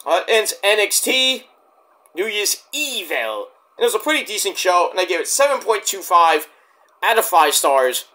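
A man's voice: high voice, sing-song, moderate pace, sharp tone. A man casually reviewing a wrestling show in a rambling, filler-heavy way, saying he is dead tired.

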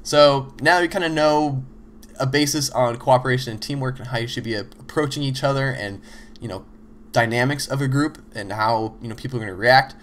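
Male host, mid-pitched, casual chatty teacher who acts out little example exchanges. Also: a little fast, slight background noise. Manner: loose, conversational, frequent "you know" and "like". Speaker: host explaining teamwork. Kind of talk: casual instructional talk.

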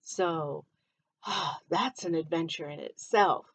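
A woman's voice: low voice, slow pace, a bit bright, breathy edge. Chatty woman, Southern-Midwestern mixed accent. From Michigan, USA. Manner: chatty, wanders off on tangents. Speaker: podcast host. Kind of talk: casual solo podcast monologue.

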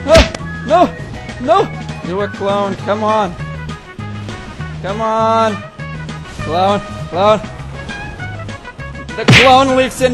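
A man commenting as he plays a video game, excitable, yelling, swearing and laughing at it, with game music behind him. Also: high voice, takes it slowly, long pauses. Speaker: gaming video host. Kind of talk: live let's-play commentary.

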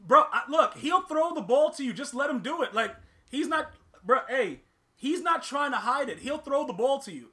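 Guy ranting over a game, super high voice, real bright and punchy, keeps saying bro. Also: moderate pace. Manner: excitable, slangy trash talk, repeats "bro". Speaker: gaming channel host. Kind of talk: ranting live gameplay commentary.

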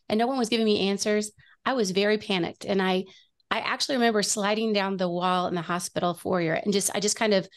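A middle-aged woman telling an earnest personal story as a guest on a faith talk show, often restarting her sentences. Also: medium pitch.

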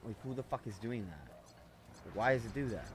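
With a medium-pitched, animated voice at a moderate pace, a gaming channel host swears his way through a frustrating video game session, talking to himself. Background noise can be heard in this let's play commentary.

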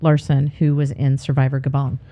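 A woman's voice: extremely low pitch, level tone, a little fast, mellow. A woman guest on a podcast, chatting casually, affirming and upbeat. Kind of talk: casual interview chat.

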